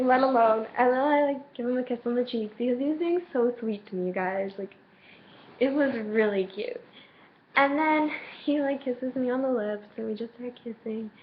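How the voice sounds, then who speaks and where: Gushy teen girl vlogger, lo-fi webcam. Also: fairly high pitch. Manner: gushing, lots of "like", acts out dialogue. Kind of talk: casual storytelling.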